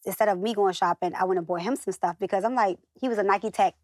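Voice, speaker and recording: A woman's voice: mid-range voice, quick pace, a little mellow, no room sound, clean studio sound. Chatty woman telling stories. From northern United States. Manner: chatty storyteller who acts out quoted voices. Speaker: guest. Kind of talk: casual interview chat.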